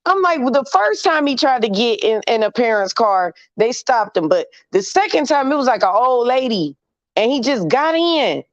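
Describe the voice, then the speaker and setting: Woman in her 30s, livestream host, animated storyteller who swears freely; dry, slightly dull recording. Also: on the high side, normal speed, no room sound. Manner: animated, swears freely, hums "mm" between phrases. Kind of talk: casual storytelling chat.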